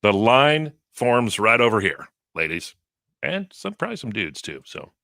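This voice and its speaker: A man's voice: mid-range voice, huge pitch swings, unhurried, gravelly, pushed and bright, dry recording, studio quality. A man hosting a morning radio show, playful and teasing as he prompts comedy bits. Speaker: radio host. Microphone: studio microphone.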